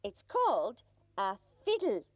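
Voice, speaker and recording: A woman's voice: medium pitch, huge pitch swings, measured pace, a little mellow, dry recording. A woman voicing a cheeky, curious puppet bird on a children's show, coy and eager.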